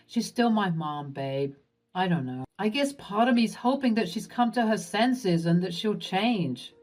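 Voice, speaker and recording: Woman voicing a calm, coaxing young husband. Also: medium pitch, a little slow, faint music behind. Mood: torn.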